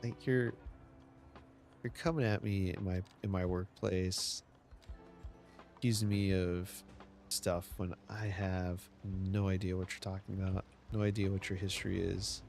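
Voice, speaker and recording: A man's voice: low-pitched, flat delivery, measured pace, vocal fry, a little mellow. A man streaming a city-building game, chatting casually and telling a rambling story with many restarts. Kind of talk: casual gameplay chat. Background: faint game music.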